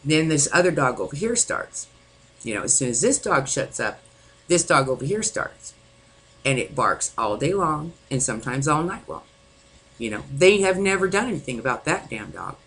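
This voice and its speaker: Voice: mid-range voice, very animated, normal speed, a bit bright, slightly rough, low-quality recording. A distraught vlogger venting angrily to camera, swearing often and rambling with many fillers. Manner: angry, frequent swearing. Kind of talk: venting personal monologue.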